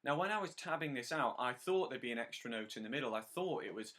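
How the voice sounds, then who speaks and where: A man talks through a harmonica lesson in a clear, bright voice. He is patient and encouraging, counting the learner in and calling out notes one by one. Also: medium pitch. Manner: counts in and sings lines slowly. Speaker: harmonica teacher. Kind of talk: step-by-step music lesson.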